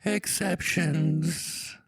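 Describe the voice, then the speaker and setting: A man voicing a gender-fluid male fairy who swings between a squeaky high voice and a gruff low one. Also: dry recording. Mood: playful. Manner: drawn-out, wild jumps between squeaky and gruff.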